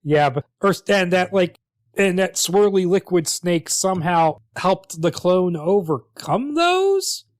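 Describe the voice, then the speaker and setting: High-voiced man recapping a script. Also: lively intonation, slow, no echo, clean studio sound. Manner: chatty, wry, retells scenes with laughs. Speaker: podcast co-host. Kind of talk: casual chat summarizing a screenplay.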